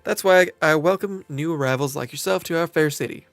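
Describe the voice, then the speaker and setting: A man's voice: on the high side, a little fast, a bit bright, no room sound, soft background music. A man voicing a shrewd, teasing middle-aged woman innkeeper with a put-on Southern drawl, reading game dialogue and tripping over words. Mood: welcoming. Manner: homey turns of phrase, stumbles over words while reading.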